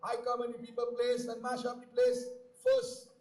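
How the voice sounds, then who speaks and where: A man voicing a gentle, humble young prince who speaks softly and pleads. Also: very high voice, big pitch swings, moderate pace. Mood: pleading. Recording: echoey PA sound from far off.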